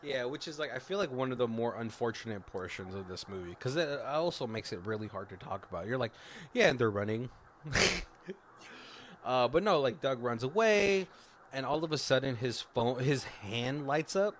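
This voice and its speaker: A man co-hosting a podcast, retelling a film's plot in a loose, rambling way, full of swearing and asides. His voice sits at an ordinary pitch for a man. Faint background noise hums under the recording. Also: lively intonation, normal speed. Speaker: podcast co-host. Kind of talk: casual movie recap chat.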